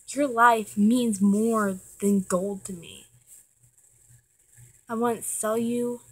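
Teen girl talking slow into her webcam, earnest and emotional, cusses when riled up. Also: a little high, fairly bright tone, slightly rough, low-quality recording. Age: teens. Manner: heartfelt, emotional, swears when worked up. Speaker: vlogger. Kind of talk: earnest direct-to-camera pep talk.

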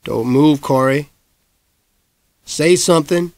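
A man's voice: a little high, takes it slowly, darkish tone, no echo. A man voicing a worried middle-aged male small-town mayor who pleads and hollers after a boy. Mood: hushed, pleading.

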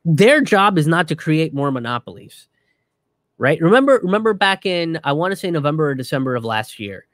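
Man, comedian rant, profane and heated, slightly high pitch, dry close sound. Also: dry recording. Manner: profane, heated, restarts often. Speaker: comedian commentator. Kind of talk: ranting political commentary.

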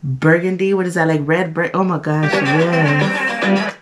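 A young woman hosts a fan reaction video in a low, fairly even voice at a slightly slow pace, gushing and squealing and slipping in Spanish phrases. Music plays behind her voice.

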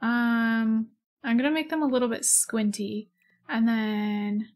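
A woman's voice: fairly high pitch, fairly even intonation, slow. A young woman in her twenties chatting casually over gameplay, rambling, giggling and gushing over cute animals. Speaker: gaming YouTuber. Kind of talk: casual let's-play chat.

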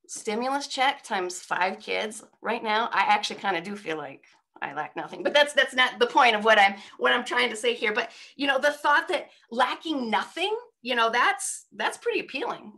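A woman's voice: on the high side, expressive, normal speed, sharp tone. A middle-aged woman giving a conversational sermon at a women's church event over a video call, informal, with frequent rhetorical asides. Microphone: speaking on a video call.

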